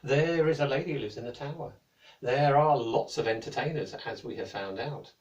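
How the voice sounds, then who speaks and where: A British man narrating a children's story in a gentle, playful, lilting way. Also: medium pitch, moderate pace, dull audio. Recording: echoey room, mic at a distance.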